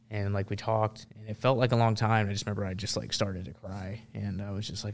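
A man's voice: lowish voice, level tone, quick pace, gravelly. A man in his thirties, a guest on a podcast, telling war stories casually with lots of fillers and restarts. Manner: rambling, heavy on fillers like "like" and "uh". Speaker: guest, Marine veteran. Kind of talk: casual storytelling in conversation.

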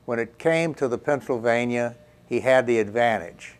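A man speaking in a documentary interview, retelling events in an unhurried explanatory way with occasional restarts. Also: medium pitch. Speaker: interviewed expert.

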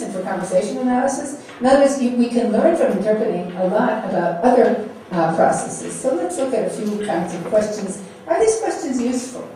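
A middle-aged woman giving a keynote academic lecture, measured and posing rhetorical questions to the audience. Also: mid-range voice, dark tone, a little hiss or hum. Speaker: keynote speaker. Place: lecture hall. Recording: echoey hall, distant mic.

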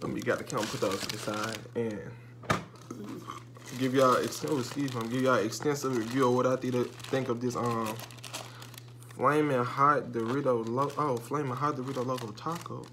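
Young dude w/ hyping up a food review, loose chatty slang, faint crinkly wrapper noise behind. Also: male voice, mid-range voice, steady tone, moderate pace, fairly bright tone. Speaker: YouTuber doing a food review. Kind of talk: casual mukbang vlog.

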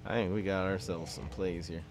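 A young man giving casual, excitable gameplay commentary and teasing banter to his viewers. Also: low voice, moderate pace, over music. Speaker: streamer. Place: dim room at his parents' home.

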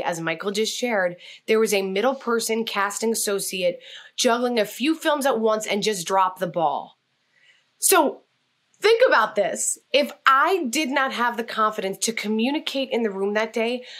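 A woman telling stories in an interview, animated and acting out the voices in her quotes. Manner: animated, acts out quotes with big pitch jumps. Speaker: guest, actress and communication coach. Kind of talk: storytelling in an interview.

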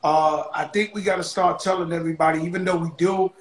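A man hosting a casual conversation, speaking in a heartfelt, halting way. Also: a little high, fairly even intonation. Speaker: host. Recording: echoey room sound.

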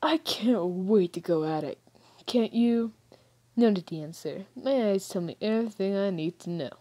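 A woman doing a gruff cocky schoolboy brawler. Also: mid-range voice, moderate pace, dark tone, close to an everyday voice. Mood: taunting. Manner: gruff, rough and taunting. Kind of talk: reading a game's dialogue aloud.

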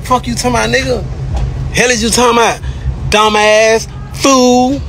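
A man's voice: little pitch movement, moderate pace, creaky, fairly bright tone, a little hiss or hum. A man, ranting brashly and repetitively on a livestream. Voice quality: squeaky. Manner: brash, repetitive, profane, taunting. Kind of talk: boastful livestream rant.

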